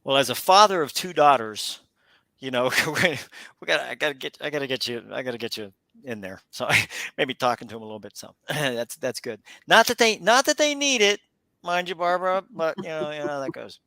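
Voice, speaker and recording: A middle-aged man hosting a radio interview in a casual, animated way, often repeating words and acting out quotes. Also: on the high side, a little fast, no echo. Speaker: radio show host.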